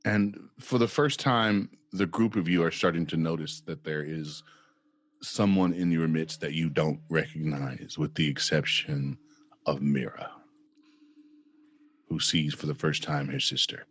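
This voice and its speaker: A man's voice: very deep voice, steady tone, unhurried, pauses often, breathy edge. A man narrating a tabletop game as game master with dramatic, descriptive narration.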